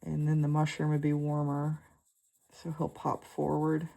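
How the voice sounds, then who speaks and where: Low, gravelly woman teaching art. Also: completely flat delivery, dark tone. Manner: chatty and unhurried, with fillers and trailing thoughts. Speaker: art tutor. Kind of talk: relaxed draw-with-me instruction.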